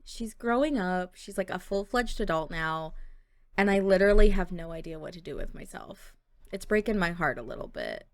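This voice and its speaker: A woman's voice: lowish voice, sing-song, moderate pace, dry recording, clean studio sound. A young woman giving chatty, playful commentary while playing a life-sim game. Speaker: gameplay video host. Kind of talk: casual gameplay commentary.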